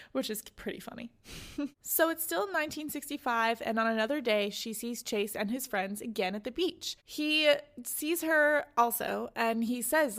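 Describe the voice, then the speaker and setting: Young female podcast host, higher pitch, chatty book-recap delivery full of fillers. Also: fairly bright tone. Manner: chatty retelling with frequent "like" fillers and giggles.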